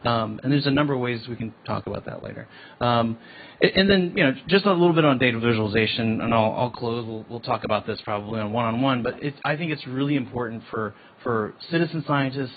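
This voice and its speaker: A man's voice: mid-range voice, quick pace. A man presenting his ocean tech company on a panel, casual and enthusiastic, often restarting words. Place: event hall. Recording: tinny phone-like line with faint noise.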